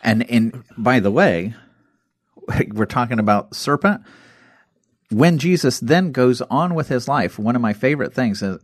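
Guy with a low voice telling bible stories, dry close sound, acts out the quotes. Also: no room sound. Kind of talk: casual Bible discussion.

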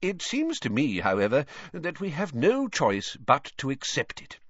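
A man voicing a calm, firm old headmaster who speaks in measured tones. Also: on the high side, breathy edge, no room sound, voice pushed up, heavily acted. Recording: dull, slightly lo-fi.

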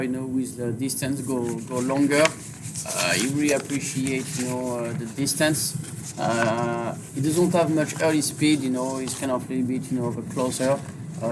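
A man with a French accent, a jockey, talking in an interview with a halting manner full of fillers. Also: mid-range voice, very noisy. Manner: halting, filler-heavy speech with many "you know"s. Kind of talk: interview on horse racing.

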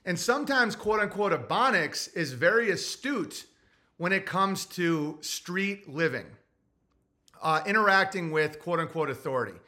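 A man with a New Jersey accent holds forth in a loose podcast monologue. His voice sits high and sounds bright and forceful, and he keeps jumping into put-on voices to act out what others say. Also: measured pace. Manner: animated, acts out quotes in put-on voices. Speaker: podcast host. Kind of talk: casual monologue.

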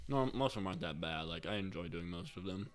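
A young man with a low voice, talking easily on a casual podcast. He is blunt and relaxed, with a quiet chuckle now and then. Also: fast. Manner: laid-back, blunt, chuckling. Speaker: podcast co-host. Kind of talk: casual chat.

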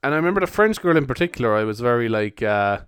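A man's voice: mid-range voice, big pitch swings, quick pace, a bit bright, clean tone, dry recording, clean studio sound. Rambling young man with a Cork accent. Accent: Cork Irish. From Cork, Ireland. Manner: jokey, rambling, swears casually. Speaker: podcast host. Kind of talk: rambling solo podcast chat.

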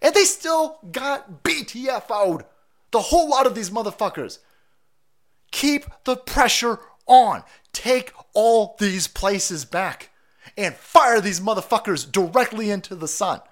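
A man on a livestream rants with an angry, crude edge, and his pitch jumps all over the place. He goes from mocking asides to outbursts, with his voice rising and falling sharply. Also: lively intonation, unhurried, fairly bright tone. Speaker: livestream host. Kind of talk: profane political rant.

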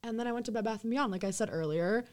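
A woman's voice: on the high side, very fast, a little mellow. A young college woman co-hosting a casual podcast. She is giggly, laughs often, and keeps her talk loose and chatty. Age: young adult. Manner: giggly, reacts with frequent laughs and "oh my God". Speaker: podcast co-host. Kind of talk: casual chat.

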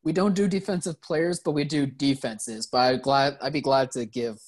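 A man appearing as a guest on a sports podcast, relaxed and agreeable in casual chat. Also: medium pitch, normal speed.

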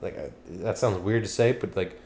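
A young Pennsylvania man hosts a podcast, chatting casually in a lowish voice at a normal speed, with crowd noise behind him. He rambles, swears, and loses his train of thought.

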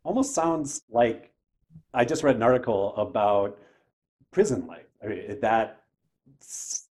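A male podcast host who speaks slowly and easily, pausing to find his words. He asks open questions and laughs freely at his guest's stories. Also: fairly low pitch, expressive, darkish tone. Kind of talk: casual interview.

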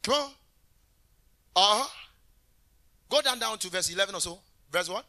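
Speaking in a high-sitting voice at a moderate pace, a man delivers a lively sermon as a minister. He bursts into shouts now and then and talks straight to his congregation.

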